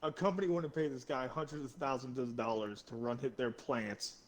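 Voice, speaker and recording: A man's voice: medium pitch, fairly even intonation, a little fast. A young man from Florida, co-hosting a casual drinking stream and rambling through stories with frequent laughs. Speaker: co-host.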